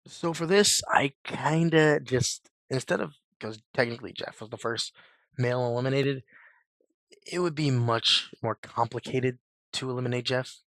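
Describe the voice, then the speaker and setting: Hoarse guy with a cold doing a chill fan video, rambles a lot, um um, dry close sound. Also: medium pitch, a bit bright, dry recording. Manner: rambling, filler-heavy, shrugs things off with "blah, blah". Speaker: YouTube host. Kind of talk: casual fan-theory chat.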